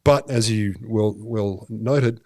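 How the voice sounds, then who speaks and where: An Australian man co-hosting a science podcast, telling stories in an animated, sardonic way with swearing. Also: on the low side, takes it slowly, dry recording, clean studio sound. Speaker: podcast co-host. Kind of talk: casual comedic science chat.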